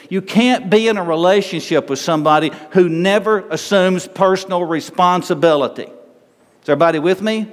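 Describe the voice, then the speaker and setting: An older man preaching a sermon as pastor, emphatic and repetitive, asking the congregation rhetorical questions. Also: high-pitched. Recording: long reverb of a large hall.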